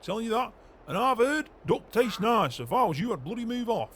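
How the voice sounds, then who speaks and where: A man's voice: very high voice, very animated, brisk, a bit bright, slight background noise, exaggerated voice. A man playing a grumpy, foul-mouthed middle-aged farmer in a farming game role-play. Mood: scolding. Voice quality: raspy, gruff and swearing.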